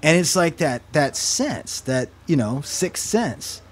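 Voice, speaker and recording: A man's voice: on the high side, sing-song, takes it slowly, husky. A man hosting an online talk radio show, chatting and telling a personal story in a conversational way.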